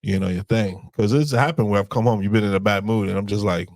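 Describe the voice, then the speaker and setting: A man's voice: lowish voice, fast, darkish tone, dry recording. A man co-hosting a married couple's podcast, talking casually and rambling as he searches for words. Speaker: podcast co-host. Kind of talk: casual chat.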